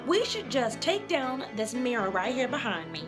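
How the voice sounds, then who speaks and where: A woman's voice: fairly high pitch, sing-song, normal speed, music in the background. A woman voicing a female documentary filmmaker who interviews an actress in an improv comedy mockumentary, gushing and enthusiastic.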